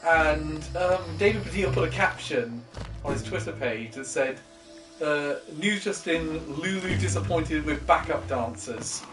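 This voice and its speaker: Brief: British man, slightly high voice, joking through a game, distant in an echoey room. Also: a little slow. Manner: banter, swearing, anecdotes. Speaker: co-host of a game stream. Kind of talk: casual gaming chat. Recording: echoey room, far mic, game music.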